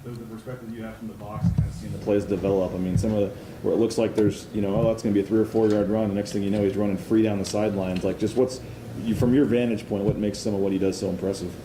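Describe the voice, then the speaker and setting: A male sports reporter with a lowish voice fires off long, meandering questions at a quick clip. The room echoes around him, and clear background noise sits under his voice. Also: flat delivery. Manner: rambling, hedging questions. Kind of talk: press conference questions.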